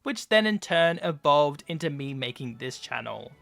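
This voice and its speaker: Young man, YouTuber, casual gameplay narration, chatty with fillers, slightly high voice, soft background music. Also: very animated, moderate pace, gravelly.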